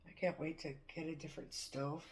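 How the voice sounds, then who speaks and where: A woman's voice: deep voice, flat delivery, fairly quick, darkish tone, a little hiss or hum. Rambling, chatty woman vlogger. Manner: rambling, chatty, laughs often. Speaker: cooking vlogger. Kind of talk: casual morning chat to camera.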